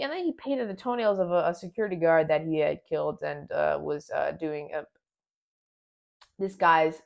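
A woman giving a casual spoiler review of a film, talking in an excitable, rambling way and often restarting her sentences. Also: on the low side, muffled recording.

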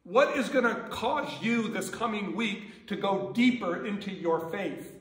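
Delivering his sermon conversationally from a church sanctuary, a pastor poses many rhetorical questions in a high-sitting, expressive voice at a measured pace. A far-off microphone picks him up amid the church's echo.

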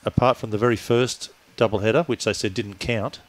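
A man's voice: on the low side, steady tone, brisk. A man co-commentating a lawn bowls stream, chatty and rambling with filler words. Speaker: stand-in co-commentator. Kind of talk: livestream commentary.

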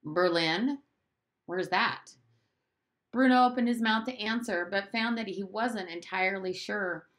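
A woman teacher reading a storybook aloud with expressive narration. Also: medium pitch, normal speed, hardly any pauses.

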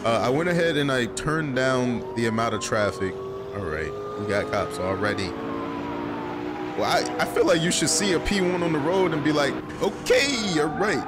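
A man's voice: mid-range voice, moderate pace. A man giving casual, rambling gameplay commentary, swearing often and full of fillers. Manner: rambling, excitable, swears a lot, frequent filler. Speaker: gaming YouTuber. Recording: loud game music behind voice. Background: loud music and car engine sounds.

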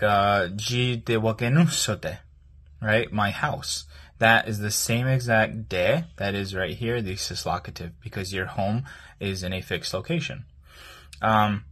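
A man with a low, husky voice walks through a language lesson, explaining each part of a word. He talks in a hesitant, explanatory way, with plenty of fillers and pauses. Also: fairly bright tone. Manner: explanatory, hesitant with many ums. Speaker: language teacher.

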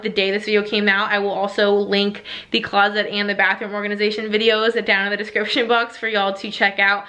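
A woman's voice: mid-range voice, sharp tone. A young woman vlogger in late pregnancy, chatty and long-winded, touring her home organization and a little out of breath. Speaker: lifestyle vlogger. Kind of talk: casual home tour vlog.

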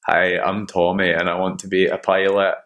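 A man's voice: sits low, little pitch movement, moderate pace, a bit bright. A man voicing a naive, earnest young man. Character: naive young Scottish man dreaming of flying.

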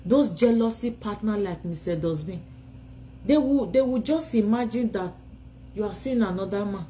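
A tired, sleepy Nigerian woman scolds and taunts her rivals in a live rant from home, speaking into her phone. Her voice sits at an average pitch, and a faint hiss runs beneath it. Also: animated, normal speed, dark tone, poor audio. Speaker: vlogger. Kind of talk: ranting live video.

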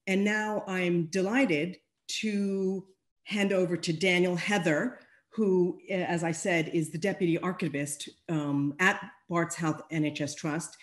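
A woman hosting an arts panel, handing over to the next speaker with a few fillers. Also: fairly low pitch. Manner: friendly, with fillers. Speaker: panel convener and host. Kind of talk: introducing speakers at an online panel.

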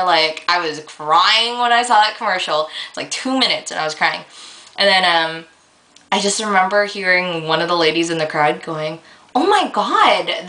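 A young woman vlogger ranting casually to her camera, rambling with lots of fillers and getting excitable as she tells a story. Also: lowish voice, low-quality recording.

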